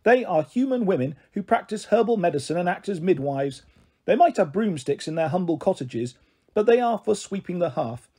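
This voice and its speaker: A man's voice: high-pitched, big pitch swings, moderate pace, dark tone, slightly rough, exaggerated voice. A man doing a tiny stern girl fairy. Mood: stern scornful. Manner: stern, scornful.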